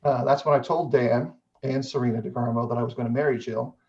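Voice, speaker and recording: A middle-aged man hosting a casual chat, speaking in a measured way with frequent hesitations. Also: medium pitch, fairly even intonation, warm tone. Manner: measured, many "uh" fillers. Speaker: host. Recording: dull lo-fi audio.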